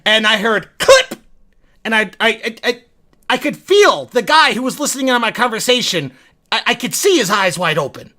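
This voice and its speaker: A man's voice: extremely high pitch, lively intonation, brisk, bright, forceful tone. A man telling a story to his viewers in a casual, self-deprecating way, rambling and stumbling over restarts. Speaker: vlogger.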